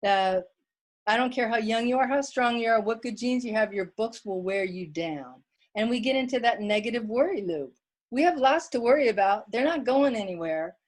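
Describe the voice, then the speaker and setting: A woman giving an online wellness workshop talk from home, chatty and plain-spoken, reading viewer comments aloud. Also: a little high.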